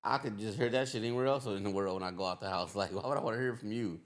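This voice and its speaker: A man who is a podcast guest, chatting casually and telling animated stories with comic put-on voices. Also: fairly low pitch, rapid-fire.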